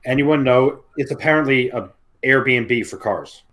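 A man's voice: medium pitch, measured pace, fairly bright tone. A man co-hosting a podcast, chatting casually, teasing his co-host and reading out posts in a mocking tone. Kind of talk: casual chat.

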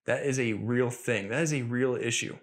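A man's voice: medium pitch, normal speed. A young man hosting a solo podcast, talking earnestly and critically about himself, often rambling and restarting his sentences. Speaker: podcast host.

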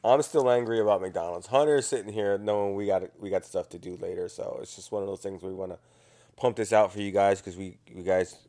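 Young comedian guy, kinda low voice, tired but goofing around on the pod. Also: a little fast, mellow. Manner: playful, jokey, chimes in. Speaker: podcast co-host. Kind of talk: casual chat.

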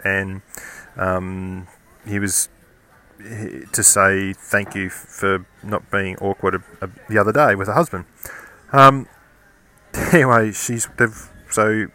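Aussie guy rambling thru a story, lowish voice, bright tone. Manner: rambling, restarts often, voices quotes. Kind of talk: casual anecdote telling.

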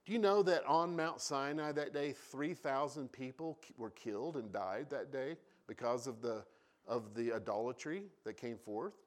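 A man's voice: medium pitch, normal speed. A man preaching a sermon, telling Bible stories with humorous asides and acting out the voices of the people in them. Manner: animated storytelling with acted-out voices. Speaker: pastor.

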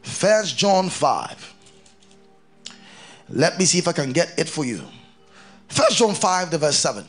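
A man preaching a sermon, reading scripture aloud and keeping on questioning his congregation in an animated way. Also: on the high side, unhurried, pauses often, faint music behind. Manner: reads scripture aloud between explanations.

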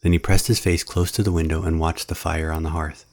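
Very deep, gravelly male narrator. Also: little pitch movement, a little fast, darkish tone. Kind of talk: storybook narration.

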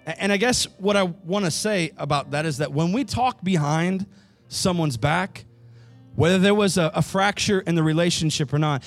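A man preaches a sermon, his voice pitched a little high. He presses his points with repeated phrases and questions to the congregation. Faint music plays behind him. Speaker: pastor. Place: church sanctuary.

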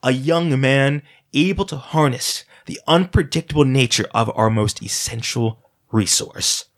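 A man's voice: mid-range voice, lightly acted. A man voicing a charming, sinister bald male auctioneer who talks like a preacher, in a read-aloud story. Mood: showman, smug. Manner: preacher-like oration, drawn-out words. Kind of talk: story reading.

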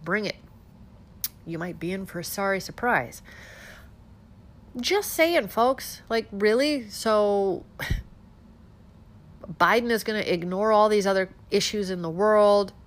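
A woman hosting casual political commentary, sarcastic and animated, firing off rhetorical questions with a stuffed-up nose. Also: mid-range voice, takes it slowly, long pauses.

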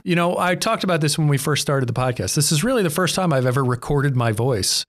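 A man's voice: fairly high pitch, animated, fast, no echo, studio quality. A man, co-hosting a podcast in a rambling, self-deprecating, jokey way. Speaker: podcast co-host. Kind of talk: casual chat.

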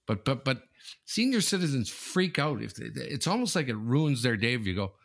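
Animated man rambling in casual chat. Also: mid-range voice, normal speed, vocal fry. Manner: animated and repetitive, keeps saying "okay?" and the host's nickname; swears freely. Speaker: podcast co-host.

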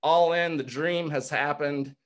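A man's voice: a little high, steady tone, unhurried. Emotional man in his forties, fired up. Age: 40s. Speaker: guest speaker. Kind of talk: motivational testimony on a video call.

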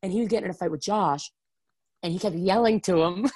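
A woman chatting casually about reality TV, full of "like" and quick asides. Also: on the low side, a little mellow, no echo. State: has the hiccups.

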